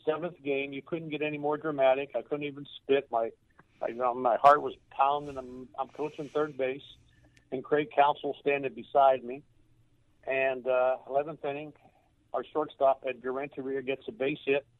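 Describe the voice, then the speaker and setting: An older man, a former baseball coach, tells a moving personal story in a halting way, repeating words as he is moved to tears. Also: medium pitch, level tone, no echo. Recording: tinny phone line.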